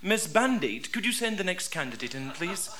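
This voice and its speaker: A man's voice: high-pitched, very animated, normal speed, noisy background. A man doing a gushing Scottish interviewer. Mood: mock-nice. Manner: gushing, mock-polite. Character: falsely sweet male job interviewer. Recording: live audience laughing.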